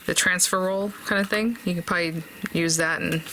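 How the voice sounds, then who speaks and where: A woman's voice: lowish voice, steady tone, a little fast, noisy background. A woman hosting a casual crafting tutorial, chatting and thinking aloud as she works, with fillers and small laughs.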